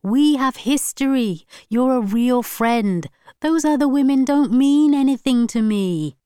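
A woman's voice: high-pitched, lively intonation, unhurried, mellow, clear, resonant tone, no echo, studio quality, pitched above the performer's own voice. A woman voicing a cocky, restless teenage boy who leads a gang, brash and dismissive, in a read-aloud story. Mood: coaxing.

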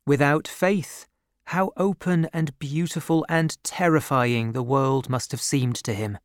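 A man reading a novel aloud as an audiobook narrator, with a measured, even storytelling delivery into a close studio microphone. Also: fairly high pitch, no echo.

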